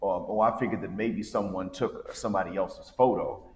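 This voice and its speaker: Very deep-voiced man in an echoey room. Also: a little mellow. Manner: measured, reflective, with fillers. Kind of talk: casual discussion. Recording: echoey room with long reverb.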